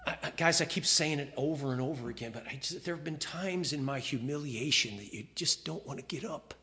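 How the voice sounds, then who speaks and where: A male pastor preaching a sermon, reading scripture with feeling and swinging between loud emphatic lines and quiet, hushed confessions. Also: fairly high pitch, fairly quick. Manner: reads scripture aloud with feeling.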